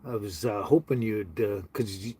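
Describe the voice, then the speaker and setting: A man hosting a casual livestream on his phone, talking slowly to viewers with many fillers and halting restarts. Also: fairly low pitch, mellow, breathy edge. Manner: slow, halting, sympathetic talk with many fillers. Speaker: livestream host. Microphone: handheld phone.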